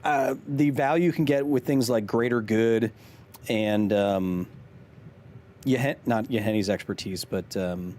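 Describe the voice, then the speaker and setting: A man's voice: fairly low pitch, measured pace, a little mellow, a little hiss or hum. A man in his thirties hosting a casual live stream, joking while reading chat aloud. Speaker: streamer and host.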